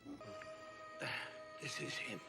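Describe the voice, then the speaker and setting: An actor playing a sarcastic human astronaut forced to act as a defense lawyer in a sci-fi series, with music underneath. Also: male voice, slow, natural voice. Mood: probing. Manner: sarcastic, exasperated. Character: wry male human astronaut turned lawyer. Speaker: space traveler acting as defense lawyer.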